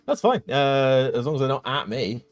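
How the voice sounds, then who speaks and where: Laughing male game master, lively pitch. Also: normal speed. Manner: laughing, hesitant narration full of fillers. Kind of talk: narrating a tabletop game.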